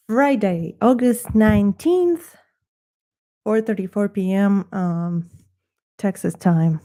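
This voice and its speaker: Slow-talking woman, mellow chatty voice. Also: mid-range voice. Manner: chatty, joking, rambling asides. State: a bit out of breath. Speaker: live stream host. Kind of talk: casual live stream chat. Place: Texas.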